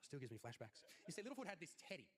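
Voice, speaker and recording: Against a noisy background on a comedy stage, a young Australian man does a stand-up routine. He plays it crude and mock-earnest, with his voice leaping up high on the punchlines.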